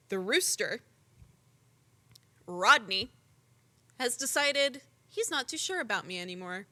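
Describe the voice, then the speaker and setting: A young woman co-hosting a podcast, telling stories in an animated, casual way full of "like" and the odd swear word. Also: on the high side. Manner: animated storytelling, frequent "like" and swearing. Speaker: podcast co-host. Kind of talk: casual chat.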